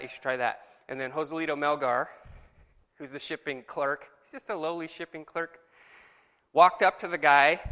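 A man leading a conversational Bible lesson, asking his group questions in a lively, animated way. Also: medium pitch, big-room sound. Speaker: Bible study leader. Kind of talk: conversational sermon.

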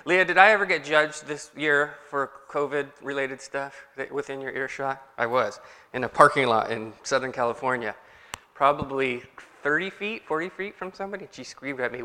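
A man preaching to his congregation in a relaxed, conversational way, often asking them questions. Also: medium pitch, moderate pace, big-room sound. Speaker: pastor. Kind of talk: sermon. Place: church hall.

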